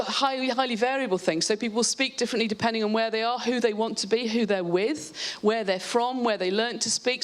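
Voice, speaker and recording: A woman speaking on a live panel, explaining her ideas in a lively way and restarting her sentences often. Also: fairly high pitch. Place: stage at a live event.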